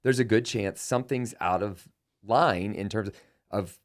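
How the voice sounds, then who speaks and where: Male podcast host, middle-aged, somewhat low voice, animated, plays out dialogue. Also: measured pace. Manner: animated, acts out quoted dialogue. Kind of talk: conversational storytelling.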